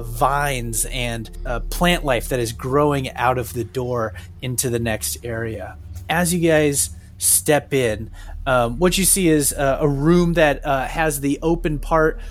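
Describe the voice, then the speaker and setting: A man hosting a tabletop podcast and narrating the scene as game master, with loose, filler-filled description. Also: fairly high pitch.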